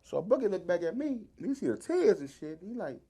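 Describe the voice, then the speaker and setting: A man's voice: high-pitched, a little fast, breathy edge. A man with a D.C. telling a long story in casual talk, acting out the voices of the people in it. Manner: animated, acts out voices in his stories.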